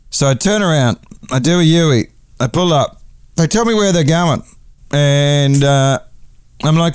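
A man's voice: a little high, unhurried, pauses often, smooth, no echo, studio quality. A man hosting a podcast, telling a rambling, profane comic story and correcting himself as he goes. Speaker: podcast host.

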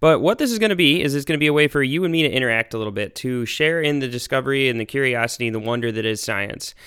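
An American man hosting a science podcast, talking in an energetic, rambling, excitable way. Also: medium pitch, rapid-fire, clean tone. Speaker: podcast host. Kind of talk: enthusiastic casual science podcast.

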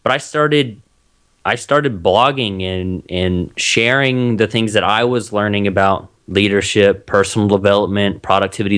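A man's voice: lowish voice, a bit bright, clear, resonant tone. A man with a Texan accent, a guest in a casual interview, easygoing and reflective. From Texas. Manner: easygoing, reflective, with frequent restarts. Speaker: guest, author and blogger.

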